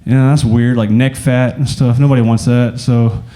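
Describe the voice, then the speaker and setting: A man's voice: medium pitch, flat delivery, normal speed, warm tone. A man from Arkansas doing a stand-up comedy set, rambling casually with lots of fillers. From Arkansas, USA.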